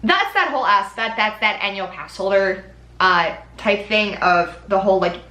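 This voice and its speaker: A woman's voice: medium pitch, expressive, normal speed, sharp tone, echoey room. A young woman vlogging in a casual, chatty way, with lots of ums and likes. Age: young adult. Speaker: Disney College Program vlogger. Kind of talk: casual chat.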